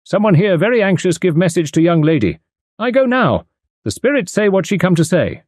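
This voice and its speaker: Audiobook spirit guide: male narrator puts on a halting, chanting séance voice, high and dry. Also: sing-song, a little mellow, no room sound. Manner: stilted, halting, chanted delivery. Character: a medium's spirit guide, broken stilted speech.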